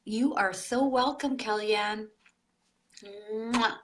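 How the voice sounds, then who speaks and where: A woman hosting a live online group, relaying channeled messages slowly and softly. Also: medium pitch. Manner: slow, soft, relaying spirit messages. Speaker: psychic medium, group host.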